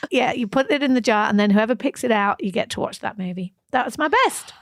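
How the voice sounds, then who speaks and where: A woman's voice: fairly high pitch, animated, fast, creaky, dry recording, clean studio sound. A woman with an Australian accent, co-hosting a casual chat podcast and chatting eagerly through her recommendations. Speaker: podcast co-host.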